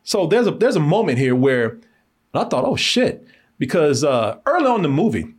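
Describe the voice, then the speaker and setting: Animated man riffing in casual chat. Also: on the high side, brisk. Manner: animated, laughing, slangy. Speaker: podcast host reviewing a movie.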